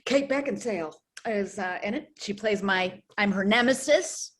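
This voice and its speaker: A woman actress chatting on a video call, playful and animated. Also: medium pitch, moderate pace. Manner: playful, animated, does silly voices. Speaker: guest, actress. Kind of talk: casual video-call chat.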